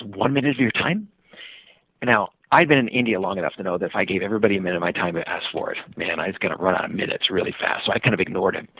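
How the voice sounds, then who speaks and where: An animated man telling a story in a gravelly, husky voice, with plenty of fillers along the way. He comes through a tinny, narrow phone line with no room sound. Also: lowish voice, no room sound. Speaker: guest, traveler and author. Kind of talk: storytelling in a podcast interview.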